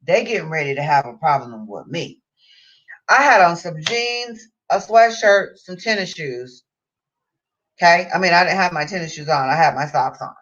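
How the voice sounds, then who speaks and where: A woman's voice: on the low side, normal speed. A woman vlogger telling a story in a casual rant, heavy on swearing, acting out what people said. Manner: profane, animated storytelling with acted-out quotes. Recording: dull lo-fi sound.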